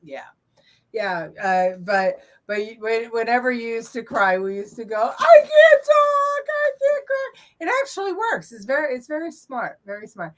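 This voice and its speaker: A woman's voice: medium pitch, animated, normal speed. A woman co-hosting a show, chatting casually about viral videos, laughing often and trailing off with fillers. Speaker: co-host reacting to viral videos. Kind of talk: casual chat.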